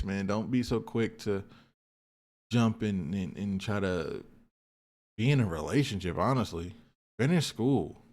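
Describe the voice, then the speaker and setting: A man's voice: mid-range voice, no room sound, clean studio sound. A man hosting a story channel, narrating in the first person and then giving casual, plain-spoken advice. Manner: conversational, plain-spoken, with fillers and restarts.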